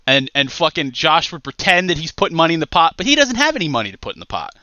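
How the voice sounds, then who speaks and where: A man hosting a podcast, ranting loudly with heavy profanity and mockery. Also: on the high side, very animated, fast talker, no room sound, highs cut off. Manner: loud, profane, mocking rant. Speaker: podcast host.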